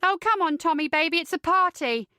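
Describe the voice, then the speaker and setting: A woman's voice: very high voice, expressive, a little fast, sharp tone, no room sound, clean studio sound, voice pushed up, heavily acted. A woman voicing a drunk young woman who taunts and giggles in an audiobook thriller. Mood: mocking. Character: drunk shrieking young woman, mocking and cruel.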